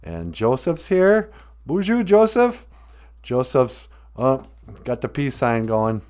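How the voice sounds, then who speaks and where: A man's voice: mid-range voice, very animated, slow pace, darkish tone. A man hosting a casual live stream, joking, greeting viewers by name and laughing often. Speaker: live stream host teaching Ojibwe.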